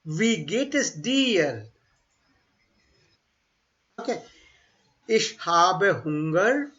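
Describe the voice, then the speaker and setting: A high, bright-voiced man runs an online German lesson. He says each phrase slowly and more than once, then explains it in with bits of Hindi. The audio is dull and lo-fi, like a remote class. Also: big pitch swings. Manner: slow repeated model phrases, mixes English and Hindi. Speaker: German language teacher.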